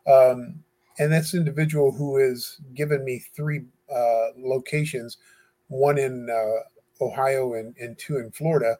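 A man's voice: mid-range voice, fairly even intonation, measured pace, warm tone. A man speaking as an interview guest, talking earnestly and hesitantly with many fillers and restarts. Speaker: guest who corresponds with death row inmates. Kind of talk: casual interview talk.

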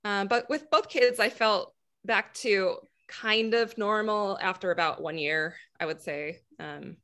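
Bright-voiced woman, candid podcast guest. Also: medium pitch, unhurried. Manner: candid, laughs often. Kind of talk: casual chat.

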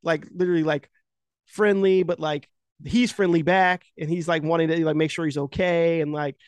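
A man with a fairly high voice retells a movie scene in a loose, rambling way, packing every sentence with filler words and swearing freely. He gets animated as he goes. The recording is dry and close, with no room sound. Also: moderate pace, smooth, dry recording. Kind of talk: casual chat.

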